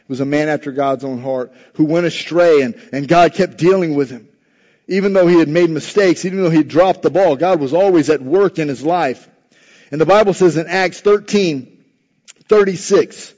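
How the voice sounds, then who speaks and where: Man preaching in a reverberant hall. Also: mid-range voice. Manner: preaching with big swells from soft to loud. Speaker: pastor. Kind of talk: sermon. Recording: muffled hall recording with long reverb.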